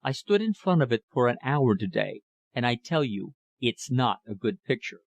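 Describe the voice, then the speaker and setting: A man's voice: mid-range voice, sing-song, normal speed, gravelly, no room sound. A man reading the part of a dashing, argumentative young American in an audiobook. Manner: argumentative, self-assured.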